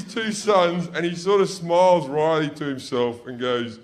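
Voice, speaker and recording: A man's voice: a little high, a little slow, hardly any pauses. Australian man telling stand-up stories. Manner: profane, loose, jumps into loud yelled impressions. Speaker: stand-up comedian. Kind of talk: stand-up storytelling. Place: stage before a laughing audience.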